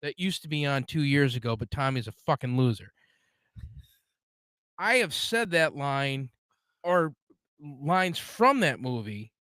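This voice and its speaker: A man's voice: medium pitch, very animated, a little slow, long pauses, a bit bright, dry recording, studio quality. A man in casual podcast banter, blunt and profane, ranting and teasing the others. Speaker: podcast co-host.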